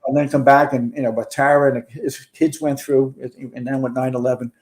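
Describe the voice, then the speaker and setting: A man in his sixties, once a fire chief, tells a long, earnest story about fighting a fire, in close detail. His voice is warm and mellow, sitting at an ordinary middle pitch. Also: steady tone, brisk. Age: 60s. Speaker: guest, retired fire chief. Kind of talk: recounting a firefight in a podcast interview.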